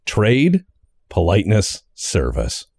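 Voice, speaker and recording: A man hosting a casual podcast chat, animated and acting out little quoted exchanges. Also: fairly low pitch, slow pace, vocal fry, breathy edge. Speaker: podcast host.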